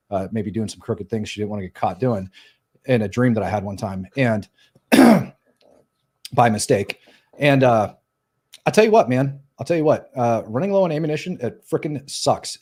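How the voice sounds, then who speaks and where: A middle-aged man, a former soldier, telling war stories casually in an animated, profane way. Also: fairly low pitch. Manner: animated, profane, acts out quoted voices. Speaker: podcast guest, former Green Beret. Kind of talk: casual storytelling.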